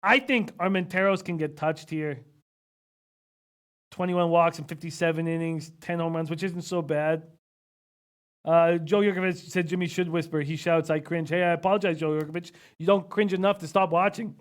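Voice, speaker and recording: Casual male betting host, slightly high voice. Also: steady tone, moderate pace. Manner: thinks aloud while reading out viewer comments; casual, with frequent hmms and apologies. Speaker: sports betting analyst host. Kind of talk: live-streamed betting picks chat.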